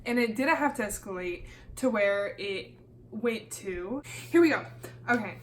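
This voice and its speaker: A young woman from Kansas telling a storytime vlog in a lively, casual way, swearing freely and acting out the dialogue. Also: mid-range voice, measured pace, a little hiss or hum. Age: young adult. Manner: animated, swears freely, acts out quoted dialogue. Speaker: YouTuber.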